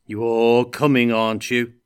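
A man reading a story aloud and voicing a gruff, bloodthirsty male dwarf warrior who speaks loudly, slowly and grimly. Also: medium pitch, steady tone. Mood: boastful.

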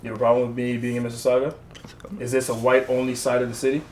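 A man's voice: mid-range voice, completely flat delivery, rapid-fire, a little mellow, slight background noise. A man from Canada telling a blunt, profane story in casual chat. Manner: blunt, swears freely.

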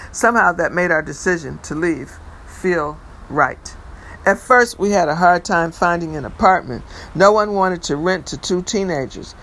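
Bright-voiced man reading a story aloud. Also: high-pitched, low-quality recording. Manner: measured first-person storytelling with occasional stumbles. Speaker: reader.

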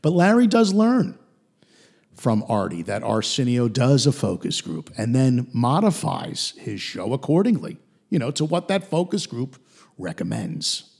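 A man hosting a podcast, recapping a TV episode in an animated way. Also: medium pitch, measured pace, gravelly, slightly rough. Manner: animated retelling with put-on quote voices. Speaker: podcast host.

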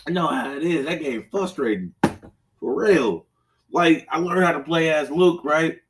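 A man's voice: fairly high pitch, unhurried, recorded from a distance, a little hiss or hum. A man hosting a podcast in casual chat, rambling and profane, laughing often and acting out his own outbursts. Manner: acts out his own raging outbursts loudly. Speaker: podcast host.

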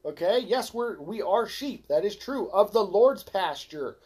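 A man hosting a podcast, ranting in a fervent, preachy way, calling his listeners folks and swinging from low mutters to loud exhortation. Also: animated, measured pace, breathy edge. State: frustrated. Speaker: podcast host. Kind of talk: ranting religious podcast monologue.

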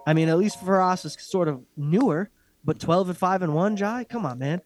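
Male podcast co-host, loud profane rants, slightly high voice. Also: moderate pace. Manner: blunt, profane, animated ranting. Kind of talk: casual fight recap chat.

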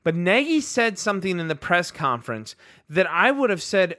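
A man's voice: high voice, big pitch swings, normal speed, pushed and bright, no echo, clean studio sound. A man co-hosting a sports podcast, ranting in heated casual talk and rising to outbursts of disbelief. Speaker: podcast co-host.

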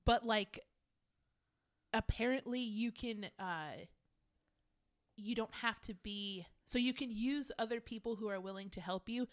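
A woman co-hosting a casual chat, telling an animated story and swearing freely. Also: fairly high pitch, a little slow, pauses often. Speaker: podcast co-host.

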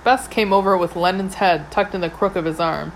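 A woman's voice: on the low side, steady tone, brisk, a little hiss or hum, poor audio. A woman narrating a novel in the first person, wry and dryly humorous. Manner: wry, dry humour. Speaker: audiobook narrator.

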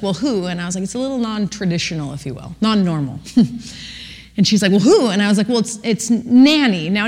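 Animated woman telling a story in a hall. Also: medium pitch. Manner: animated, acts out quotes with voices. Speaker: speaker giving a testimony. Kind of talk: storytelling talk to a church audience. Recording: long reverb in a large hall.

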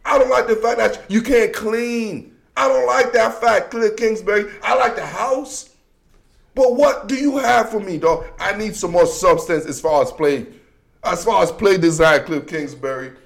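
This football commentary host talks in a measured, gravelly, high-sitting voice, staying animated and slangy as his jokes swing between shouts and mutters.

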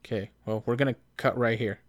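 A man's voice: medium pitch, steady tone, brisk. A man co-hosting a laid-back podcast, chatting loosely and teasing his friend. He laughs often and lets his sentences trail off. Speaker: podcast co-host. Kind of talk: casual banter.

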